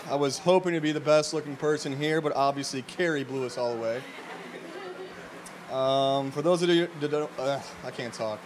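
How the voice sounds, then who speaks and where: A young man, brother of the groom, giving a jokey, upbeat wedding toast with some halting and fillers. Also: medium pitch, slight background noise. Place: wedding reception.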